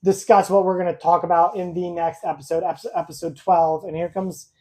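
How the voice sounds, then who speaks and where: A woman's voice: on the low side, level tone, fairly quick, darkish tone. Blunt, chatty woman podcast host. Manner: rambling storyteller, blunt and chatty, laughs at herself. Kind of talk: casual podcast chat, live-streamed.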